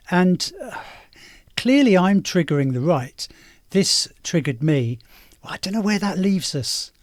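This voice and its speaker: A man's voice: a little high, no room sound, clean studio sound. A man hosting a reaction video, talking in a mocking, rambling way with lots of fillers. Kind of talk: casual sarcastic commentary.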